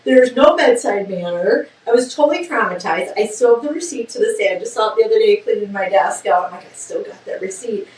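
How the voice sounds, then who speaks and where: A middle-aged woman, a business co-founder, telling a story in a casual interview with lively laughter. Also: mid-range voice, fast talker, hardly any pauses, recorded from a distance. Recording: roomy sound from off-mic.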